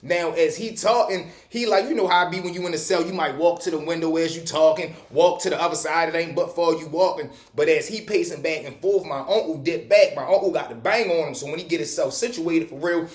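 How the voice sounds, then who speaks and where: A man's voice: on the high side, brisk, hardly any pauses. A man telling a prison story in casual street slang, swearing freely. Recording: echoey room.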